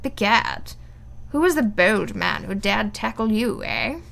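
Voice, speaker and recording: A woman reading the part of a lazy, foppish English gentleman with a slow, languid drawl. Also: medium pitch, lively intonation, creaky.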